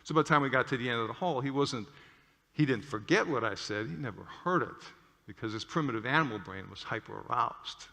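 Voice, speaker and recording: A male clinician giving an animated lecture with stories, often checking in with "okay?". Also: mid-range voice, fairly quick, gravelly. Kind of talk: lecture with storytelling. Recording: long hall reverb.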